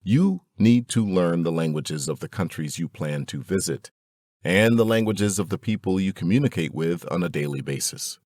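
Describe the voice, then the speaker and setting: A man reading a fatherly advice book aloud in a deliberate, instructive way, speaking to his son. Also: sits low, animated, a little mellow, dry recording, clean studio sound. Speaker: narrator.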